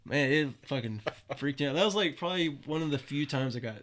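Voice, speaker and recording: A man's voice: fairly high pitch, lively intonation, fast talker, fairly bright tone, slight background noise. A young man, a podcast guest, casually telling stories with plenty of swearing and acted-out quotes. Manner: laid-back, swears freely, acts out quoted voices. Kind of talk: casual storytelling interview.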